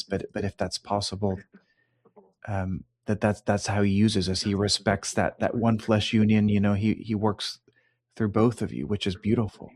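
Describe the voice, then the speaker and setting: A man hosting a faith interview, measured and affirming as he responds to his guest. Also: fairly low pitch, darkish tone, no echo, clean studio sound. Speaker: host.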